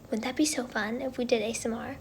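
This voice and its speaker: High-pitched woman, livestream host, casual and chatty, slips into soft whispers. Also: fairly even intonation, fast, a little hiss or hum. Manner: bubbly and chatty, often dropping into soft whispers. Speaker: singer hosting a livestream. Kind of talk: casual livestream chat reading viewer comments.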